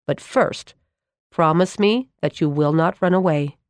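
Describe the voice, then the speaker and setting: A patient, kindly older Danish man with a clarinet, gentle yet insistent, as a woman reading a storybook puts him on. The voice sits low and steady, close and dry with no room sound around it. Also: measured pace, no echo. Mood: gentle, firm.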